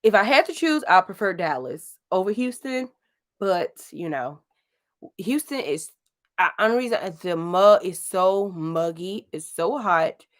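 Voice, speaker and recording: At medium pitch and a little slow, a late-thirties woman from St. Louis, Missouri, keeps up animated, casual live chat as a livestream host. She rambles and laughs often.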